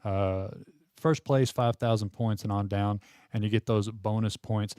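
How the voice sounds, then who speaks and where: Mellow-voiced male poker stream host. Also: fairly low pitch, steady tone, measured pace, smooth, dry recording, studio quality. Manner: chatty, laughs often, many fillers. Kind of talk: casual live-stream commentary.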